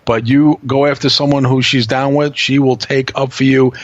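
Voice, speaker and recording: A man's voice: mid-range voice, level tone, moderate pace, no room sound, dull audio. A man talking bluntly as a guest in a casual podcast chat, swearing and telling stories.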